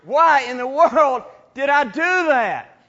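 A man preaching a sermon as a comic story, animated, swinging from loud bursts to hushed asides. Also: very high-pitched, takes it slowly, muffled recording.

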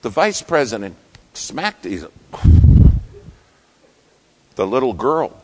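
A man preaching, telling an animated story with shifts in loudness. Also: medium pitch, normal speed. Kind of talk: sermon storytelling.

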